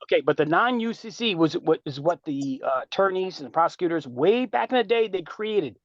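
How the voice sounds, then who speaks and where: High-voiced boastful man on a call. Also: a little fast, no room sound, lo-fi sound. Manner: boastful, animated, streetwise slang. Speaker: speaker answering callers on a group call. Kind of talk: casual lecture and Q&A.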